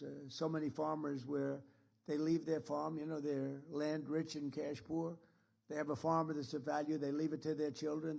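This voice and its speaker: Man, president, boastful rambling speech, repetitive, raspy gravelly tone. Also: fairly high pitch, darkish tone. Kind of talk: political speech to a live audience. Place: indoor event room with an audience.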